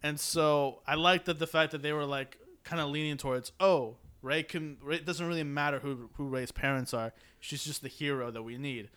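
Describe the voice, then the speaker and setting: A young man talking in a loose, casual chat, his voice sitting a little high for a man. He is animated and laughs easily, slipping into quick impressions of film lines as he talks. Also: clean tone. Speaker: podcast co-host.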